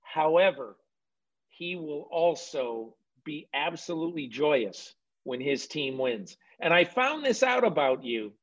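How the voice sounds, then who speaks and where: Hosting a conversational radio interview, a man rambles loosely and keeps correcting himself. His voice is on the high side, a bit bright, very animated yet slow. The recording has its highs cut off.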